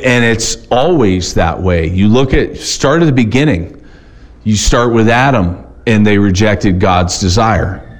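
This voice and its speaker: A man with a fairly low voice preaches a sermon, slowly reading scripture aloud before explaining it in plain, conversational language with some restarts.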